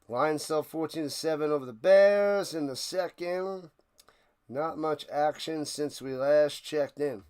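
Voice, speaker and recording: A man's voice: a little high, a little slow, clear, resonant tone. A man hosting a live football watch party, calling plays and making chatty, jokey asides. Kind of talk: casual livestream play-by-play.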